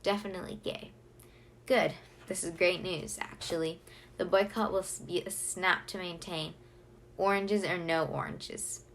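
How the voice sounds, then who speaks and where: Expressive woman reading a novel aloud. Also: on the low side, unhurried, creaky, slight background noise. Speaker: audiobook reader. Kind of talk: first-person novel narration.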